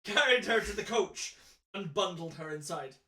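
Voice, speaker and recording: Bright high-voiced man reading aloud. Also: lively intonation, moderate pace, roomy sound, far from the mic. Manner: reads narration with mock-dramatic emphasis. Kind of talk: reading a novel aloud between casual banter.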